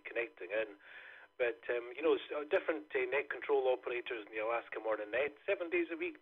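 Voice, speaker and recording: A man's voice: mid-range voice, slightly rough. Scottish man over a tinny radio link. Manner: deliberately slowed, careful delivery. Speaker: amateur radio operator checking in. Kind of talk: casual radio chat.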